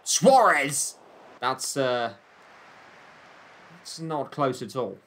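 A man's voice: fairly high pitch, moderate pace, a little hiss or hum. A young man playing a football video game, commentating on the match in a mock broadcast style with joking asides and bursts of frustration. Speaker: gaming YouTuber.

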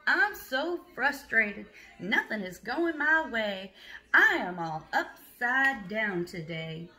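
Woman voices picture-book turtle, upset, slow and drawn out. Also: fairly high pitch, lively intonation, sharp tone, heavily acted. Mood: frustrated. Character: upset young turtle stuck on his back.

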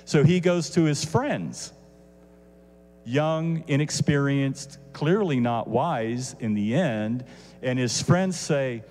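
A man teaching a Bible lesson casually, animated, with asides to his listeners. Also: mid-range voice, takes it slowly, in a large hall, soft background music.

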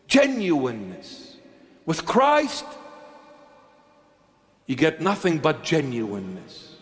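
High-voiced man preaching in a reverberant hall. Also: huge pitch swings, slow, pauses often. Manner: impassioned, emphatic, swings between forceful and hushed. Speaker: bishop. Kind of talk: sermon. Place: church with a congregation.

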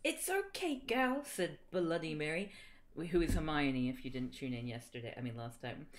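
A woman's voice: low voice, level tone, moderate pace. A woman co-hosting a livestream, reading fan fiction aloud in a playful, mock-dramatic style with joking asides. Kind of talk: comedic dramatic reading with banter.

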